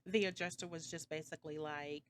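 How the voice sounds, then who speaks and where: A woman's voice: low voice, fairly even intonation, brisk, slight background noise. A woman vlogger telling a story in a casual, rambling way, slightly dramatic and sarcastic, backtracking often with lots of fillers.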